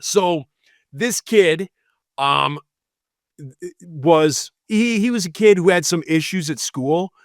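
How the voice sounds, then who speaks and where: A man's voice: on the high side, expressive, takes it slowly, no echo, studio quality. A man, a police officer, casually telling a rambling story on a podcast and acting out the people in it. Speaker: podcast co-host.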